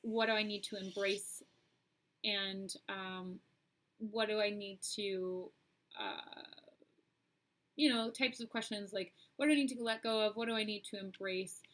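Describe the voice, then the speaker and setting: A woman's voice: medium pitch, steady tone, unhurried, a bit bright, rough recording. A woman hosting a live-streamed oracle card reading, chatting straight to her viewers with frequent "um"s.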